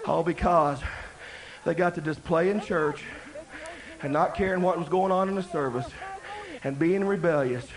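An older man preaching a sermon, swinging between loud shouting and quiet talk. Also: fairly high pitch, moderate pace, pauses often, rough recording. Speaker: pastor.

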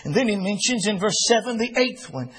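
A male pastor preaching a fervent sermon from the pulpit, often pausing on "uh" and rising to shouts. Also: high-pitched, expressive, husky, poor audio. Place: church sanctuary.

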